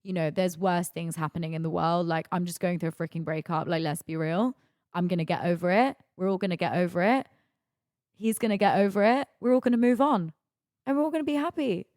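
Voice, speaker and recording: A woman's voice: fairly low pitch, a little fast, darkish tone, dry recording, clean studio sound. A woman hosting a solo podcast, talking candidly and confidingly in a rambling way full of "like". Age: 20s. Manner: confiding, rambling, heavy use of "like". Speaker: podcast host.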